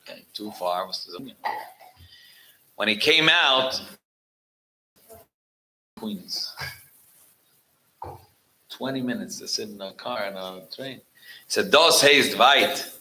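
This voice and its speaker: Guest rabbi, male, lively storyteller with a bright edge, restarts a lot, Yiddish and Hebrew words mixed in. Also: fairly low pitch, slow, long pauses, poor audio. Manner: frequent restarts and repeated words. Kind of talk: storytelling talk at a religious gathering.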